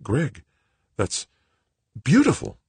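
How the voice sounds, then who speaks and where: A man voicing a soft-spoken older woman on a corporate board, gentle and hushed. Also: mid-range voice, wildly swooping pitch, slow, husky, no echo, pitched above the performer's own voice, full character voice.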